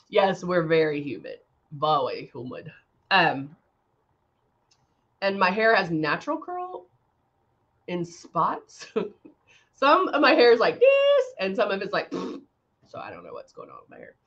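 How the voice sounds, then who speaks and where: A chatty woman hosts a relaxed live stream, rambling between thoughts and answering viewers as she goes. Her voice sits at a middle pitch, and the audio is a little dull and muffled. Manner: laughs often, many fillers. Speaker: makeup brand host. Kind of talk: casual live-stream chat.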